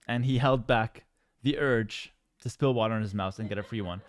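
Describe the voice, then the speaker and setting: A man's voice: fairly low pitch, normal speed, no echo. A man streaming, telling a story in a casual, joking way with exaggerated mock outrage.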